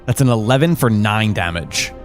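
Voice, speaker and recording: A man playing a tabletop game, describing his character's actions and often pausing with "uh". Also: fairly low pitch, lively intonation, over music. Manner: hesitant, starts lines with "uh". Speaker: player.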